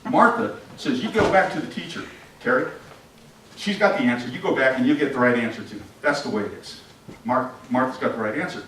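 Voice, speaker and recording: A medium-pitched pastor talks fairly quickly through a lively sermon, posing questions to the congregation and acting out scenes. The echoey sanctuary is recorded from afar, with a little hiss or hum.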